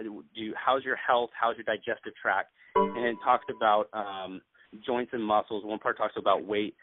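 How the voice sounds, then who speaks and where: A man who owns a clinic, coaching other practitioners in an animated way and acting out what he tells patients. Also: on the low side. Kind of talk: conversational sales coaching. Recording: dry, tinny call audio.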